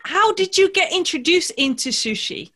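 A woman's voice: very high voice, lively intonation, normal speed, sharp tone. A woman hosting a podcast, asking curious questions in a bubbly way. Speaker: podcast host. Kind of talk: casual interview chat.

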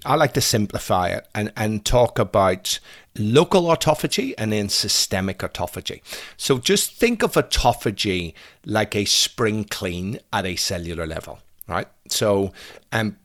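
A man talking in a casual podcast interview as a fasting expert, animated, with many stammered restarts and "right?" checks. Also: fairly low pitch. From Britain. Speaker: fasting and fat loss expert guest.

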